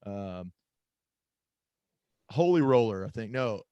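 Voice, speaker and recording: A man's voice: fairly low pitch, animated, slow pace, mellow, smooth, dry recording, lo-fi sound. A man co-hosting a casual sports podcast, rambling and often stopping to search for a name or lose his thread. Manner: rambling, self-interrupting, loses his train of thought. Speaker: podcast co-host.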